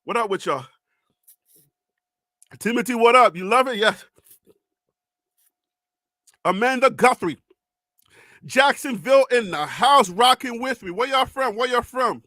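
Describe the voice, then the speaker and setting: A middle-aged Liberian man hosts a live show at full volume, calling out viewers by name. His voice sits very high and sounds bright and forceful. The sound is dry and close, and he is often out of breath. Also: expressive, unhurried, long pauses, no room sound. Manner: loud, shouty, hyped, talks to chat by name. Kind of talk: high-energy live stream chat.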